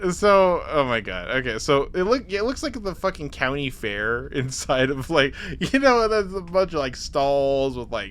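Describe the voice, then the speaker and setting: A man's voice: medium pitch, fairly bright tone, clear, resonant tone. A man co-hosting a podcast in casual chat, rambling with restarts and breaking into laughs. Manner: rambling with restarts, laughs, puts on silly voices. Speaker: podcast co-host.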